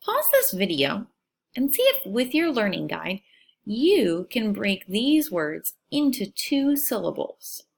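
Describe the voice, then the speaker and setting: A woman teacher giving a recorded phonics lesson for young children, speaking clearly and stretching out words. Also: fairly high pitch, big pitch swings, takes it slowly. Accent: American.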